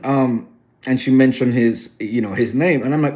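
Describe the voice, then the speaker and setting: A man's voice: mid-range voice, moderate pace, darkish tone. A man chatting casually to his viewers in a sassy, gossiping storytelling manner. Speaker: vlogger addressing viewers. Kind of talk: casual chat.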